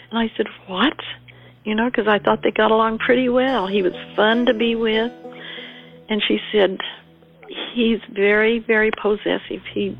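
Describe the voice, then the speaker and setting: Older woman, gravelly voice, flat delivery, tinny phone line, faint music underneath. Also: mid-range voice. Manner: measured storytelling, quoting herself and her daughter. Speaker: interviewee, mother of a murder victim. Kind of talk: personal recollection.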